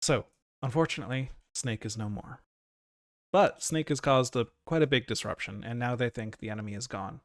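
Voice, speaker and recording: Man, game master, tabletop narration, relaxed, halting with fillers, dry recording. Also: medium pitch, no echo. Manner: relaxed, hesitant with fillers, laughs often.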